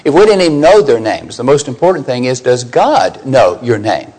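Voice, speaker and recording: A man's voice: medium pitch, very animated, normal speed, a little mellow, rough recording. A man preaching a sermon, emphatic, putting questions to his listeners and rising on key scripture lines.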